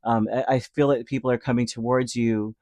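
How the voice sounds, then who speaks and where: A man's voice: mid-range voice, little pitch movement, fairly quick, darkish tone, no echo. Man, tarot reader, rambling casual delivery, lots of ums, dry close sound. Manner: rambling, filler-heavy, acts out little imagined quotes. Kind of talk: casual tarot reading monologue.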